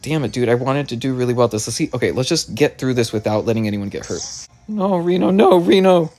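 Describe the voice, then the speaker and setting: A man giving excitable let's play commentary, stammering over his words and swearing often, with faint game music behind him. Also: mid-range voice, quick pace. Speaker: gaming video creator.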